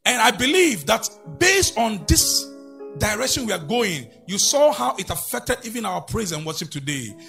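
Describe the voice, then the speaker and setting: Fervent preacher, lively and high. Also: male voice, normal speed, vocal fry, soft background music. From Ghana. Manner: fervent preaching with sung phrases and call-and-response. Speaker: pastor. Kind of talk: sermon.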